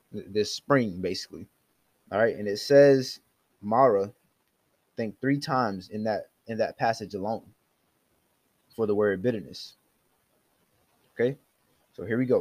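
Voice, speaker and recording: A man's voice: fairly low pitch, darkish tone, no echo. A man hosting a devotional podcast, earnestly exhorting his listeners and addressing them directly. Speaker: podcast host.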